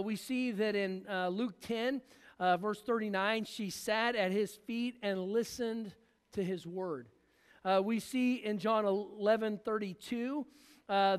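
A man delivers a sermon from the pulpit, his voice unusually high for a man. He acts out the people in the story as he preaches. A long church reverb trails behind every phrase. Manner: preaching with acted-out voices of biblical figures. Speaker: pastor.

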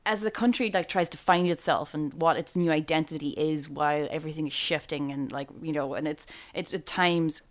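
A woman from Ireland co-hosting a casual film podcast, her voice a little low for a woman. She talks in a wry, sarcastic way and rambles with plenty of fillers as she explains her thoughts. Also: fairly quick, few pauses. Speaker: podcast co-host.

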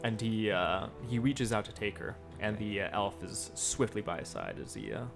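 A man with a lowish voice narrates a tabletop role-playing game as its game master. He talks casually and stops often on fillers. Faint music plays behind him. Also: sing-song, normal speed, creaky. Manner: casual, hesitant with many fillers. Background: background music.

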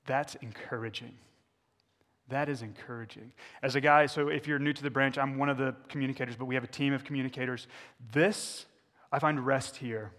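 A man's voice: medium pitch, fairly bright tone. Earnest male pastor in an echoey hall. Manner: candid, asks the congregation questions. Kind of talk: sermon. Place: church sanctuary.

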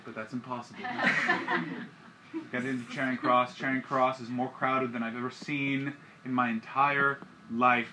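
A male stand-up comedian telling a story with animated delivery, swinging between mutters and near-shouts. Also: medium pitch, a little hiss or hum. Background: audience laughter.

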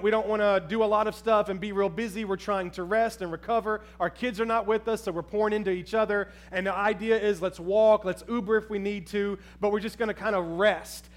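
High-voiced animated male preacher. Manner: animated storytelling, addresses the crowd as "y'all". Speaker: pastor. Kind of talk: sermon with personal story.

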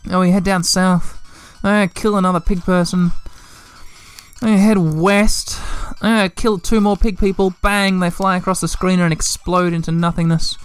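A gaming podcast host giving playful, animated let's play commentary, full of sound effects. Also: mid-range voice, measured pace, smooth, dry recording, soft background music.

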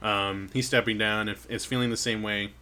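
A man's voice: lowish voice, fairly even intonation, a little fast, bright, forceful tone. A man talking in casual chat, hesitant and full of fillers, swearing casually as he thinks aloud.

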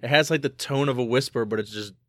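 A man's voice: medium pitch, quick pace, fairly bright tone, dry recording. Guest guy on a movie podcast, laid back, kinda hesitant, dry close sound. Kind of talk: casual movie podcast chat.

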